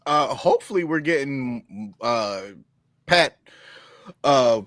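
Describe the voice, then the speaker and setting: A man chatting about wrestling, halting and repeating phrases when he gets going. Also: medium pitch, dry recording, studio quality. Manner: halting, repeats himself, excitable. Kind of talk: casual wrestling review chat.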